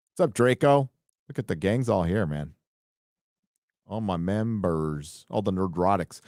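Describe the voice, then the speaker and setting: A middle-aged man hosting a casual late-night livestream, rambling, swearing and excitedly reading viewer donations aloud. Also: sits low, measured pace, pauses often, no echo, clean studio sound. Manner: rambling, profane, excitable, reads donor messages aloud. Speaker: livestream host reading super chats.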